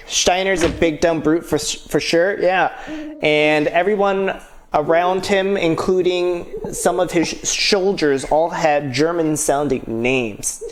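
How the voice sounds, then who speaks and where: A man's voice: a little high, unhurried, a little hiss or hum. A man streaming a game, chatting playfully, singing along and reading lines aloud over game music. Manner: playful, sings along and drops into voices. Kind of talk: casual gameplay commentary, reading dialogue aloud.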